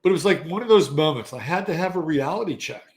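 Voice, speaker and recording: A man in his sixties, an astrology show host, telling a casual story in an animated, profane, conversational way. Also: on the high side, quick pace. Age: 60s. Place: Texas.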